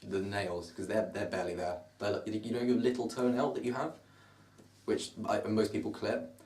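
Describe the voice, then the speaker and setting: A twenty-year-old vlogger from Surrey, in the south of England, rambles to camera in his bedroom with a self-mocking southern English accent. His fairly low, darkish voice keeps a steady tone at a moderate pace, and the roomy space is captured from a distance.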